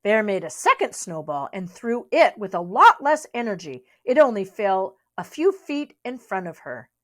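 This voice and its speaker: A woman's voice: medium pitch, sing-song, moderate pace. A young adult woman reading a storybook aloud, with chatty asides to young listeners. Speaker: reader.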